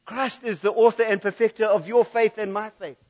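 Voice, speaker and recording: Male preacher, church sermon, animated, reads scripture, fairly high-pitched. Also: a little fast. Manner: animated, laughing at his own slip-ups.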